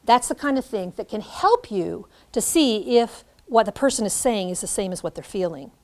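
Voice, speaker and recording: Middle-aged woman, teacher educator, lively classroom lecture, acts out examples. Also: medium pitch, moderate pace. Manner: animated, demonstrates by acting out lines.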